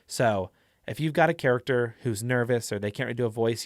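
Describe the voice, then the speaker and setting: A man's voice: mid-range voice, brisk, no echo, clean studio sound. Chatty man explaining tabletop voices. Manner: chatty, rambling, many fillers. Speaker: tabletop game teacher. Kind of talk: casual tutorial.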